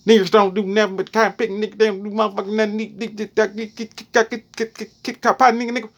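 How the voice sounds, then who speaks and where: A man voicing a contemptuous old-time plantation master in a quick, sneering, sing-song way. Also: sits high, fairly bright tone, lo-fi sound, pitched above the performer's own voice.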